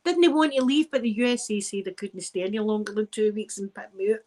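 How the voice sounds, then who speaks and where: A Scottish woman hosting a casual live stream, chatting to her viewers in a rambling, lively way with plenty of asides. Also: mid-range voice, fast, a little hiss or hum, rough recording. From Scotland.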